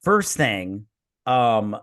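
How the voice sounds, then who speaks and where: A man's voice: on the low side, extremely slow. A tipsy man co-hosting a casual movie-review chat, swearing a lot and acting out scenes he describes. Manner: profane, animated, acts out quoted film scenes. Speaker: podcast co-host.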